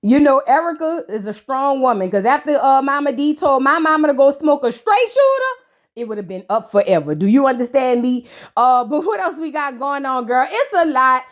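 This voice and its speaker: A woman's voice: high-pitched, animated, moderate pace. A woman hosting a casual reality TV reaction video, sassy and gossipy, roasting the cast and calling the listener "girl". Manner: blunt roasting asides.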